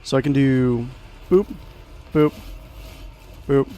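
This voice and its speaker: A man giving casual let's play commentary, playful and chatty, thinking out loud and adding little sound effects as he plays. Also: mid-range voice, slow. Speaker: gameplay commentator.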